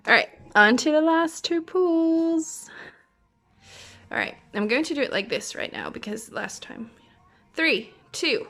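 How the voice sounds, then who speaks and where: A woman's voice: sits high, big pitch swings, slow pace, pauses often, fairly bright tone. A young woman chatting through an unboxing vlog, gasping and counting down before each reveal and often dropping into a whisper. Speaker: vlogger unboxing albums. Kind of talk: excited unboxing vlog chat.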